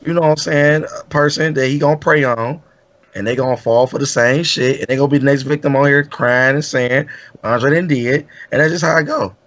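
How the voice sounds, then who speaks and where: A man's voice: medium pitch, steady tone, fairly quick, fairly bright tone, no room sound, highs cut off. A man co-hosting a talk show, speaking in laid-back street slang and repeatedly saying "you know what I'm saying.". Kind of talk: casual talk show chat.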